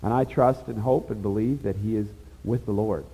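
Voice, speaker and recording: A man's voice: fairly low pitch, steady tone, normal speed, creaky, warm tone, husky. A man preaching a sermon in a conversational, emphatic way, with casual asides to his listeners. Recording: dull lo-fi sound with long reverb.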